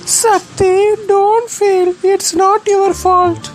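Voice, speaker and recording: A gentle, caring young wife voiced by a woman speaks very high and very slowly. Her tone is soothing and consoling. Light cartoon music plays underneath. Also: level tone, heavily acted, low-quality recording.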